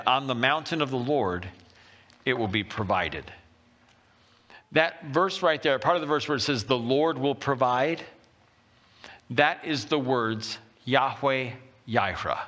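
Male pastor preaching, bright voice, acts out the story characters with lots of energy. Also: mid-range voice. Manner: animated storytelling, acting out voices. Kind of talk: sermon.

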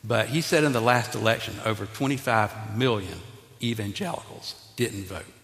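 A man preaching a sermon, talking directly to his congregation and acting out Bible figures in an animated way. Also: on the low side, moderate pace, creaky. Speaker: pastor. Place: church sanctuary. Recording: long reverb in a large hall.

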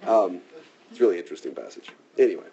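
A man's voice: sits low, sing-song, rapid-fire, gravelly, mellow. A man preaching a conversational sermon, casual and talky, often checking in with "right?", in a dull lo-fi recording.

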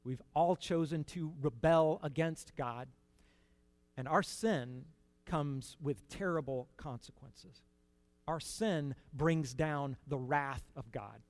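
A man preaching a sermon in an earnest, conversational way, rising to emphatic peaks and dropping to quiet asides. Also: fairly high pitch, takes it slowly, no echo.

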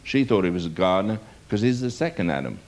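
Animated male preacher. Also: low voice, fast. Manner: animated delivery with rhetorical questions to the audience. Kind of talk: sermon with scripture reading.

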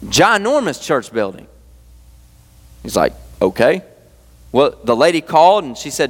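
A fired-up male preacher with a high voice, talking straight to the room with folksy asides. His voice rings out with a long reverb through a church hall. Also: sing-song, a little slow, long pauses. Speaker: youth pastor. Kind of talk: sermon.

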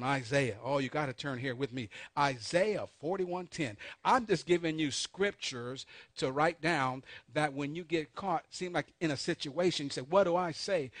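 A man preaching a sermon, calling on the congregation to answer back, swinging between soft asides and loud emphatic peaks. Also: fairly high pitch, no room sound. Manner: call-and-response preaching, urging the congregation. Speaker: pastor.

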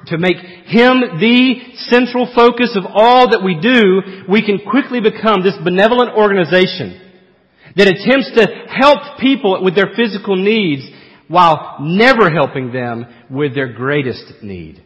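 Male pastor, sermon, fairly high voice, dull sound, long hall reverb, emphatic then hushed. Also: lively intonation, measured pace. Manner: rising to emphatic peaks, then dropping to quiet asides.

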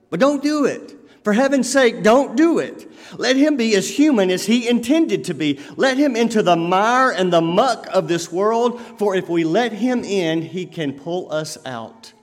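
Guy preaching a sermon, high voice, big echoey hall, gets loud then drops real quiet. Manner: dynamic, swings from loud emphatic lines to quiet lowered ones. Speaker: pastor.

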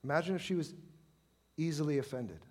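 A middle-aged man preaching a sermon, impassioned, swelling to loud pleading when he acts out prayers. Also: fairly high pitch, lively intonation, brisk.

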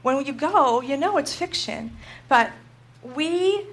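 Middle-aged woman teaching church folks, lively storytelling, voice a bit on the high side. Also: takes it slowly. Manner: animated storytelling, acts out her own panic. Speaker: Christian teacher. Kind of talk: teaching talk with personal story.

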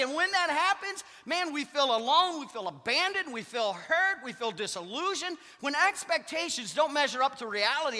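A pastor preaching a sermon, with emphatic declarations that drop to hushed asides. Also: male voice, extremely high pitch. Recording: long hall reverb.

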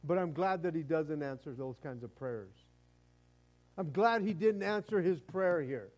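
A man's voice: fairly high pitch, expressive, measured pace, long pauses, a little mellow, poor audio. A man preaching a sermon in a conversational way, often stumbling and restarting his words. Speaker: pastor.

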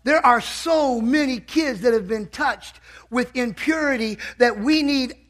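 A man preaching a sermon in a church, impassioned, breaking into loud shouted bursts. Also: very high-pitched, a little slow.

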